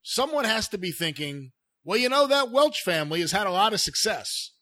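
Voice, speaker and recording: Male host, chatty, reading a listener question, animated, high-ish voice. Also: normal speed, dry recording, clean studio sound. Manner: chatty, unsure of a name. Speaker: podcast host.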